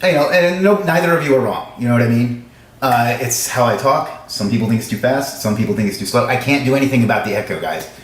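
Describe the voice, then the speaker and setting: A man hosting a live stream, chatting casually with viewers in a fast, joking, self-mocking way, in a room with echo. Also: medium pitch, a little hiss or hum. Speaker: livestream host. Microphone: livestream camera setup. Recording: echoey room sound.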